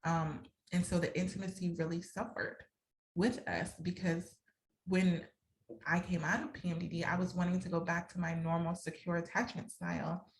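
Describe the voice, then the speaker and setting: A woman's voice: fairly low pitch, flat delivery, normal speed. A woman hosting a podcast, giving relationship advice in a candid, conversational way and acting out the lines she quotes. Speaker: podcast host and relationship coach. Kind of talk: casual advice talk.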